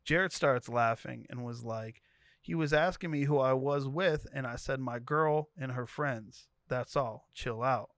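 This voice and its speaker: A man's voice: medium pitch, measured pace, fairly bright tone, no echo, studio quality. A man co-hosting a podcast, reading a profane story thread aloud and quoting each character in turn. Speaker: podcast co-host.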